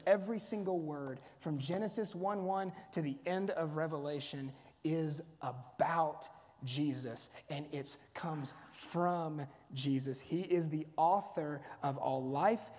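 A man preaches a sermon in a conversational, storytelling style, often restarting his phrases. His voice is fairly high and a little mellow, and the recording carries a long hall reverb.

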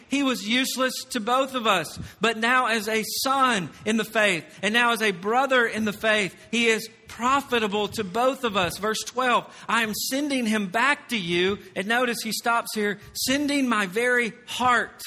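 High-voiced preacher in a reverberant hall. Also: male voice, unhurried, few pauses. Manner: animated preaching, swinging between loud emphasis and quiet storytelling. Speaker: pastor. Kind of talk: sermon.

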